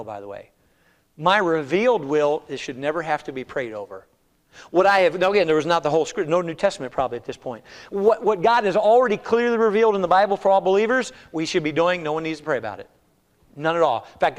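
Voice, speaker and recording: A man preaching a sermon in a church, swinging between hushed, slow appeals and loud, pleading cries. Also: fairly high pitch, big pitch swings. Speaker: pastor.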